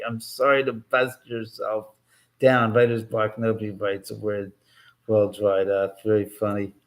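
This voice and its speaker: A man of middle pitch hosts a casual livestream from his home. He rambles and jokes sarcastically, swears without a second thought, and answers viewer comments as they come in. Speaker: livestream host.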